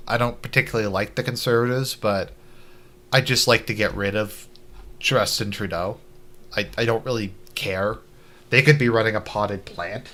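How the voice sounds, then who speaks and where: Canadian male streamer, casual and blunt commentary, bright tone. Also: mid-range voice. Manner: blunt, offhand, profane asides.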